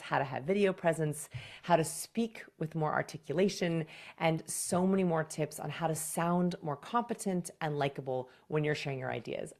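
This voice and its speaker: A woman's voice in a scripted video lesson, direct and emphatic as she coaches presenters. Her pitch sits a little low for a woman, and each point lands firmly. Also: darkish tone. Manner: crisp, emphatic, direct advice.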